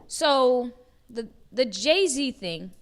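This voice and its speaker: A woman's voice: sits high, expressive, extremely slow. A woman co-hosting a podcast in casual chat, laughing often and talking in slang. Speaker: podcast co-host.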